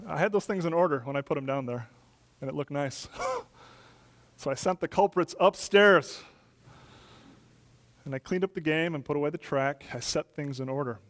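Male pastor, middle-aged, slightly high voice, emphatic sermon delivery with loud peaks and soft drops. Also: moderate pace, long pauses.

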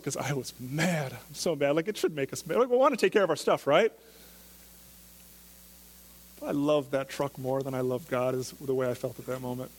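A man's voice: mid-range voice, normal speed, in a large hall. A man preaching a sermon as pastor, talking in a conversational way and asking the listeners question after question.

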